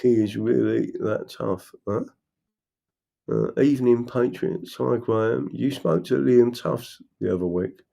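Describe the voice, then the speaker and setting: A man with a London accent chats loosely to his livestream viewers at a middling pitch. He wanders from one thought to the next, swears freely, laughs often and reads out comments from the chat. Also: unhurried, gravelly, dark tone. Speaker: livestream host. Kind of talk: casual live-stream chat.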